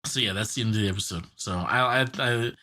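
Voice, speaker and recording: A man's voice: lowish voice, fast, pushed and bright. A young man co-hosting a casual podcast, animatedly retelling a cartoon episode with lots of filler words. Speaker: podcast co-host.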